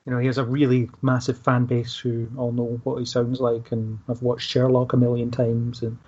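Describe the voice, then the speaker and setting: A man's voice: medium pitch, monotone, normal speed, a little mellow, slightly rough. A man hosting a casual film discussion, easygoing and hesitant, talking things through with fillers. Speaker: podcast host. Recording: dull lo-fi podcast audio.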